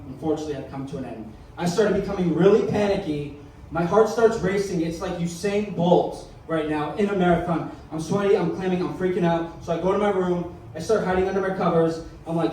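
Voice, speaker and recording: A man's voice: on the high side, warm tone, slight background noise. Young man rambling at an open mic. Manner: rambling, self-mocking, repeats phrases. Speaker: stand-up comedian. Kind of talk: open-mic stand-up storytelling. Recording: echoey room, mic at a distance.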